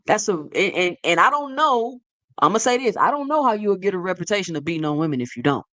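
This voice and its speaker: Animated, sassy woman commentator in her thirties; slangy, repetitive delivery; dry close-miked sound. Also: medium pitch, fast, dry recording. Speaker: boxing commentary vlogger. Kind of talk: casual opinion monologue.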